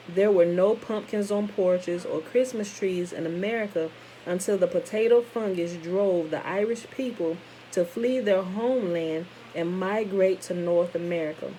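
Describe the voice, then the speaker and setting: Her voice is mid-range with a dark tone, and the rough recording carries a little hiss or hum. She reads a text aloud at a steady pace, stopping for informal remarks to listeners and correcting her own stumbles.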